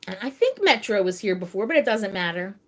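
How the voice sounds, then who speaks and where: A middle-aged woman hosting a casual live chat with her viewers, talking in a halting way and repeating words as she gets emotional. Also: mid-range voice, big pitch swings. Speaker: livestream host.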